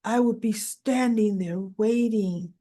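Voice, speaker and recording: A woman's voice: mid-range voice, slow pace, dark tone. A woman voicing a sheepish young man caught in a lie, talking in a defensive, eager-to-please way.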